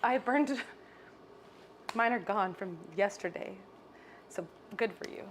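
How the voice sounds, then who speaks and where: A young woman with a Canadian accent, a salon owner chatting in an interview, bubbly and animated, often laughing as she tells stories. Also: medium pitch, slow pace, slight background noise. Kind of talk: casual interview chat. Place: hair salon.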